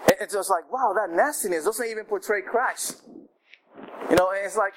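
A man preaching a sermon in a conversational, animated way, with asides to the congregation. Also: high-pitched, moderate pace, background noise.

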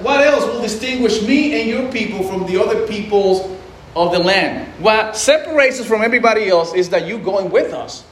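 Man preacher, high voice, casual acted-out quotes, roomy hall echo. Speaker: pastor. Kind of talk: sermon. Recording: echoey room, faint noise.

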